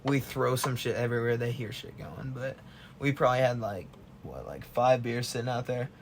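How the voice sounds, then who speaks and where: A relaxed young man talks in casual podcast chat, loose and unhurried, at an ordinary pitch. A faint hum of room noise sits behind him. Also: vocal fry. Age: young adult. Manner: laid-back, prompting questions. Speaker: podcast co-host.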